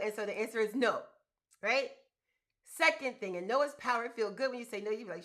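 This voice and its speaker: A woman's voice: mid-range voice, animated, a little fast, sharp tone. Woman host, motivational live talk, emphatic and colloquial, chatty. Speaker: host giving business grant advice.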